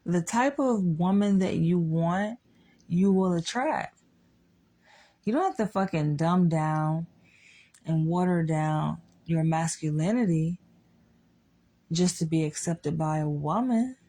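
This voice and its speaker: A woman's voice: fairly low pitch, slow, long pauses, mellow. A young adult woman giving a blunt, candid monologue to her audience, swearing freely as she states her opinions. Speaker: vlogger.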